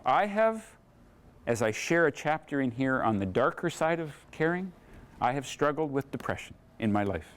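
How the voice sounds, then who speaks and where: A man, an author, giving an earnest and reflective public talk in a bookstore, with dramatic pauses and a read-out poem. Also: medium pitch. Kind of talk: public talk with poetry reading. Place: bookstore event.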